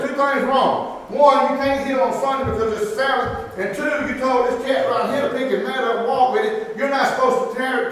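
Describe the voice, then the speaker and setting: High-voiced pastor in an echoey church. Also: male voice. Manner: folksy, plain-spoken preaching with rhetorical questions to the congregation. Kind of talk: sermon. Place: church sanctuary. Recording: echoey hall from far off, faint noise.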